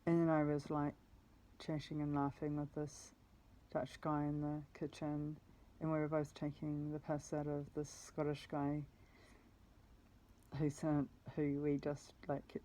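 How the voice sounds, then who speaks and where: A woman's voice: sits low, monotone, a little slow, mellow, poor audio. A woman telling a personal story in a meandering way, often correcting herself and swearing casually. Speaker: vlogger.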